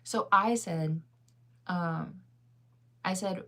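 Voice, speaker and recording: Young woman, lowish voice, casual vlog chatter, crisp enunciation, frequent laughs. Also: moderate pace, long pauses. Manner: enunciates words fully and crisply; rambling, chatty, laughs often. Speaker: vlogger. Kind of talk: casual chat to viewers.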